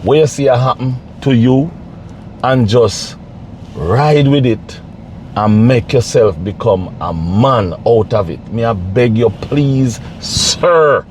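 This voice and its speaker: A man's voice: mid-range voice, lively intonation, slow pace, a little mellow, a little hiss or hum. A man giving casual, pleading commentary to camera, repeating himself and preaching. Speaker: vlogger.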